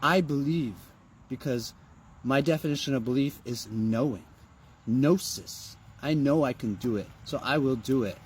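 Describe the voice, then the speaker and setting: A man's voice: mid-range voice, unhurried, darkish tone, a little hiss or hum. A man giving a motivational monologue in an emphatic, preachy way, with rhetorical questions and some swearing.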